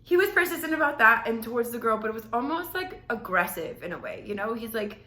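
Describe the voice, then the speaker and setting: Brief: young woman podcast host, rambling storyteller, slightly high and bright, in a roomy echo. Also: lively intonation, quick pace. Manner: chatty, rambling, heavy use of "like". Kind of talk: casual storytelling.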